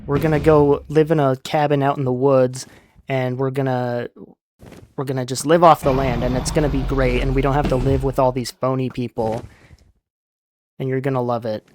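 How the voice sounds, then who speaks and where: A man's voice: medium pitch, level tone, normal speed, noisy background, natural voice. A man voicing a cynical teenage boy who eagerly rambles on about running away.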